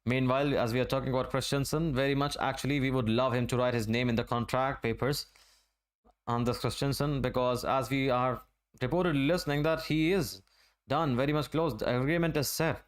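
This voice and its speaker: A man from Asia calls a football match live for his stream, talking through the play in an unhurried, conversational way. His voice is smooth and resonant and sits at an ordinary middle pitch. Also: steady tone. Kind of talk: live match watch-along commentary.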